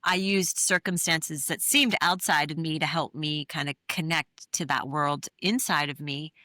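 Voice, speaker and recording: A woman's voice: sits low, steady tone, measured pace, sharp tone, dry recording, clean studio sound. A middle-aged woman, an interview guest, telling a personal story in an earnest, candid way with many fillers. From New England. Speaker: interview guest, therapist and author.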